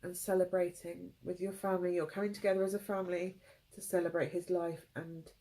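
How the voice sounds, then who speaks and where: Her voice low-leaning, warm, and level in tone, a woman in tears does a tarot reading for her audience. She speaks softly in broken, restarting phrases, emotional and gentle as she works through the cards, over poor audio.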